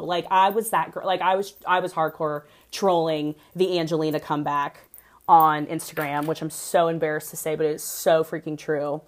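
A young woman giving a casual, gossipy reality TV recap, animated and full of "like". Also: deep voice, normal speed. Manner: gossipy, animated, heavy use of "like".

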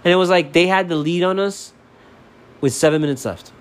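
A man from Miami talking alone on his sports podcast in his apartment, cursing constantly and swinging between low, subdued mumbling and loud, animated ranting. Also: fairly quick. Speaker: podcast host. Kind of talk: casual solo sports podcast rant.

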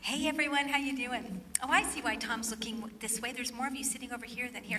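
A woman with a bright, fairly high voice addresses a live audience, friendly and playful. She sounds distant from the mic, her voice ringing in a hall with a long reverb. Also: fairly quick, few pauses. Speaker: guest speaker.

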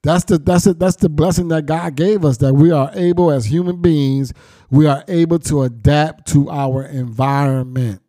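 A man's voice: on the high side, fairly even intonation, normal speed, dark tone, dry recording, clean studio sound. Blunt, profane middle-aged man. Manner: blunt, profane street slang, reflective. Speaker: storyteller recounting his past. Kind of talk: candid personal storytelling.

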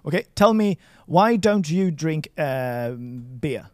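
A man's voice: a little high, expressive, takes it slowly, a little mellow, no room sound, studio quality. A man from Sweden tutoring Chinese in a casual lesson, encouraging and playful, praising his student often. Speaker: language tutor.

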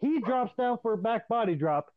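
High-pitched, foul-mouthed man on a tinny line. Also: normal speed, no echo. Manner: profane, animated storytelling. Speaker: podcast host. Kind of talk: casual storytelling chat. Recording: dry, tinny phone-like line.

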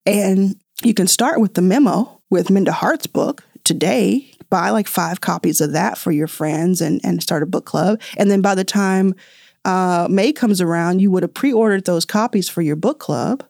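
A woman's voice: on the low side, normal speed, vocal fry, darkish tone, no room sound. Earnest chatty woman podcast host, dry room. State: tearful. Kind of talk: casual heartfelt podcast monologue.

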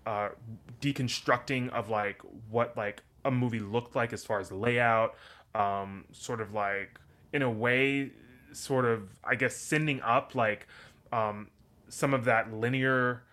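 Podcast dude rambling along, lots of likes and ums, jokey banter. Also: male voice, mid-range voice, steady tone, takes it slowly, a bit bright. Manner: rambling, filler-heavy, joking. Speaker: podcast co-host. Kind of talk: casual chat.

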